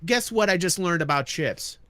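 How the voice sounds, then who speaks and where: An American man hosting a livestream chat, teasing and theatrical in an excitable way. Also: high-pitched, normal speed, dry recording. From United States. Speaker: stream host.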